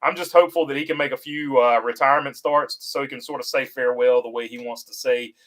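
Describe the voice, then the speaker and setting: A man hosting a casual livestream, reading out viewer comments and answering them in a halting, easygoing way with lots of "uh" fillers and restarts. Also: mid-range voice, fairly even intonation, fairly bright tone, poor audio. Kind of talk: casual livestream chat about racing.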